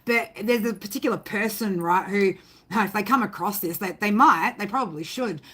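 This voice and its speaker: A woman's voice: mid-range voice, moderate pace, fairly bright tone, husky. A woman giving a casual spoken tarot reading, rambling and emphatic, swearing freely and often tagging her sentences with "right?". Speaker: tarot reader.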